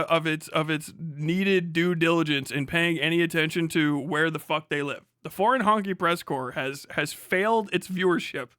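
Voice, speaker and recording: A man's voice: a little high, pushed and bright, dry recording, clean studio sound. A man streaming live, chatting in a rambling, profane way and laughing often. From United States. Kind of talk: casual live-stream commentary.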